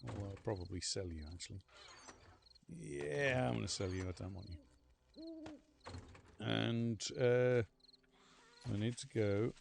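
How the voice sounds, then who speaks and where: His voice on the low side with vocal fry, a man plays a survival game on stream at a measured pace, leaving long pauses. The gameplay commentary is casual, full of rambling stories and free swearing, over a faint hiss or hum.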